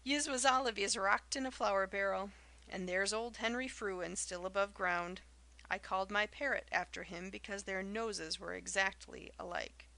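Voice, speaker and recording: In an audiobook reading of a storybook scene, a woman voices a spiteful old village gossip who hurls loud, derisive remarks in rustic dialect. The voice is gravelly with a sharp, bright edge, at medium pitch and a moderate pace.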